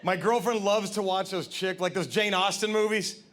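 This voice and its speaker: A man's voice: high voice, moderate pace, a faint crowd. A man in his thirties doing a stand-up comedy set on stage, acting out scenes in silly voices with audience laughter behind him. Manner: animated, acts out scenes in silly put-on voices. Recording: live stage recording with clear room noise.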